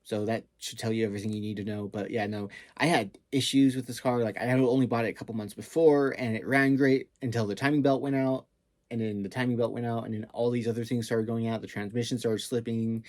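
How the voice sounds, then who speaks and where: A man's voice: medium pitch, fairly even intonation, fast talker, darkish tone, dry recording, clean studio sound. A man casually telling a story, rambling with many fillers and some swearing.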